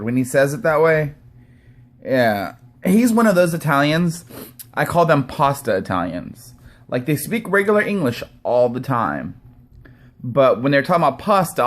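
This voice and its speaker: A man ranting to camera as a commentator, angry, sarcastic and profane. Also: fairly high pitch. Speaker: YouTube commentator. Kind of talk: profane rant vlog.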